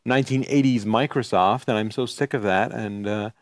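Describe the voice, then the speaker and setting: A man's voice: fairly low pitch, moderate pace, no echo, clean studio sound. A man co-hosting a casual tech show, chatting and ranting in a joking way while demonstrating a gadget.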